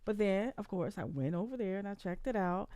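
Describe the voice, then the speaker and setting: A woman hosts an interview with an eager, encouraging manner. Her pitch moves in lively swings. The recording is dry, with no room sound. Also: brisk, no echo. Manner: eager, encouraging listener with short affirmations. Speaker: host.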